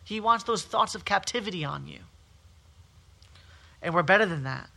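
A man preaching an emphatic, repetitive sermon, swinging between forceful calls and quieter stretches. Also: high voice, lively intonation, moderate pace, vocal fry. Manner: emphatic, repetitive preaching with rising and falling intensity.

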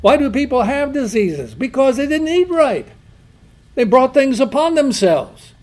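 A man's voice: very high voice, big pitch swings, measured pace, darkish tone. A man preaching a sermon, emphatic, asking rhetorical questions and quoting God and scripture.

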